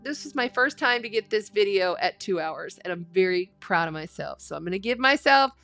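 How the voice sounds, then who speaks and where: A woman doing a live tarot reading in a casual, earnest way, offering spiritual encouragement and slowly reading card meanings aloud. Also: mid-range voice, lively intonation, vocal fry, a bit bright, soft background music. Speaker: astrology and tarot reader.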